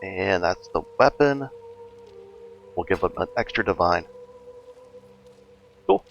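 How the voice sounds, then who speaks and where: A man casually narrating a gameplay walkthrough as a gaming guide host, relaxed and chatty, thinking aloud with fillers. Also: low voice, slow pace, lo-fi sound, soft background music.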